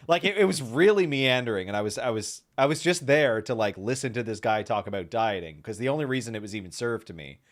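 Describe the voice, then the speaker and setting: A man's voice: medium pitch, lively intonation, fast talker, hardly any pauses. A man co-hosting a casual wrestling podcast, hesitant and wry, often trailing off mid-thought. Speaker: podcast co-host.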